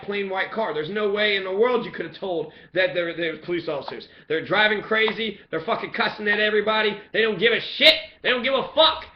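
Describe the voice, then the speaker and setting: A man's voice: high-pitched, a little hiss or hum. A man in an angry, profane, repetitive rant about the police. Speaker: resident speaking out on police. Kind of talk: impassioned ranting monologue. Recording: echoey, dull lo-fi sound.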